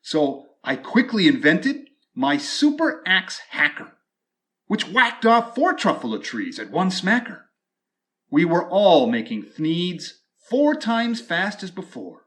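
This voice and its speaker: A man reading a rhyming storybook aloud with an expressive, drawn-out delivery. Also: high-pitched.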